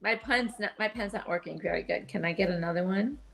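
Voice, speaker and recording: A woman's voice: mid-range voice, fast, creaky, faint music behind. A woman co-hosting a casual chat, making blunt, teasing remarks.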